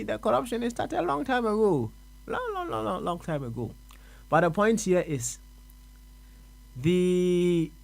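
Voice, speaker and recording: A man with a Ghanaian accent talks his way through a radio show in an ordinary middle-range voice. He muses aloud, circles back over his own words and nods himself along with soft uh-huhs. A low electrical hum sits under the recording. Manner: musing, repeats words, answers himself with uh-huh. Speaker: radio host. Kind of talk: reflective radio talk.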